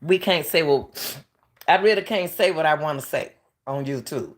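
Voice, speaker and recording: Middle-aged woman host, lowish voice, harsh coach's edge, impassioned talk straight to camera. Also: normal speed. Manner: impassioned, repeats herself, talks straight to viewers. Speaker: channel host, retired track coach. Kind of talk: emotional live commentary.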